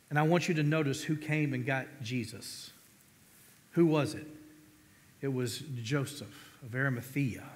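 A man pastor preaching a sermon, emphatic, asking the congregation questions and calling for amens. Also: medium pitch. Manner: emphatic preaching, rhetorical questions, calls of amen. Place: church sanctuary. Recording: long reverb of a church hall.

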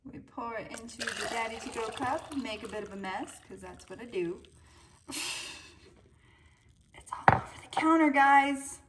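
Speaking in a high voice over heavy background noise, a middle-aged woman chats casually in a vlog from her home kitchen. She addresses both her audience and her pets, poking fun at herself along the way.

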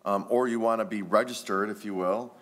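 A man's voice: lowish voice, steady tone, brisk. A man giving rambling, friendly remarks with many fillers at a township board meeting. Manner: warm, rambling, many ums.

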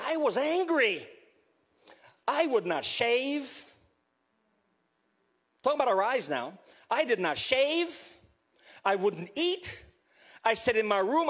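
An older pastor with a Southern US accent preaches a funeral sermon, his delivery swinging dramatically as he acts out quoted voices. His voice is extremely high-pitched, a bit bright and slightly rough.

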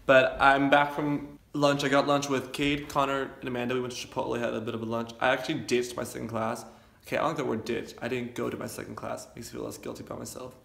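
Young dude vlogging at home, rambly and gravelly, echoey kitchen with noise. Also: male voice, medium pitch, little pitch movement, fast, a bit bright. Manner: rambling, chatty, self-deprecating. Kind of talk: casual vlog chat.

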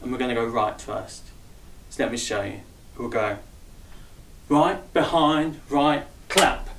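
A man's voice: medium pitch, animated, takes it slowly, a bit bright, slight background noise. A man teaching a dance routine in a chatty, upbeat, jokey way, calling out the steps and counting the beats aloud. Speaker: dance instructor. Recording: roomy echo, voice far from mic.

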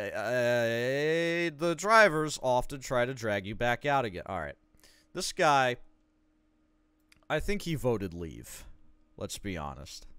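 A gaming video creator plays through a game while reading a walkthrough guide aloud, stopping now and then for joking asides in let's play commentary. His voice is medium-pitched, bright, forceful and clean, captured in a dry recording.

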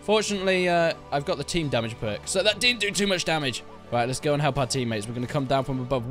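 A young man giving jokey, excitable commentary while playing a video game. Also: a little high, fast, few pauses, faint music behind. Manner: excitable, jokey, yelps and laughs at the action. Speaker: gaming YouTuber. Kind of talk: live gameplay commentary.

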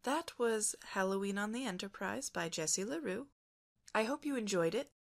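A woman podcast host reading fan fiction aloud in a calm, even storytelling manner. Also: mid-range voice, normal speed, vocal fry. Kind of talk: audiobook narration.

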